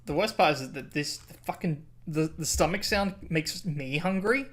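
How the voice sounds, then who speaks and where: A streamer on a live let's-play, reading the game's text aloud in a low, muted voice. Between passages they burst out loud, swear and plead with the game. The voice sits at a middling pitch. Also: moderate pace. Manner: reads game text in a low, subdued tone, then breaks into loud, sweary outbursts. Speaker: streamer playing a narrative game.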